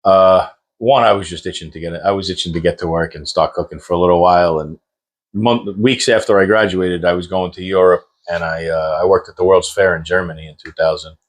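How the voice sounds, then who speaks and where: A man's voice: low-pitched, fairly even intonation, brisk. A man in his forties, a chef guest speaking easily in a casual interview. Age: 40s.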